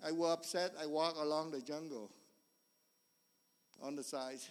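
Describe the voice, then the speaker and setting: Guy preaching w a high voice, plain earnest broken english, big echoey church hall. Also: fairly even intonation, measured pace, smooth. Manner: earnest, repetitive phrasing in non-standard English; swings between loud emphasis and quiet storytelling. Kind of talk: sermon. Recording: long reverb of a large hall.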